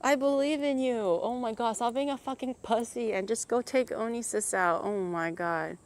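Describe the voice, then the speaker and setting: A woman's voice: fairly high pitch, normal speed. Teasing, swearing woman streamer. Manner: chatty, teasing, swears freely, laughs often. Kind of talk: casual stream chat.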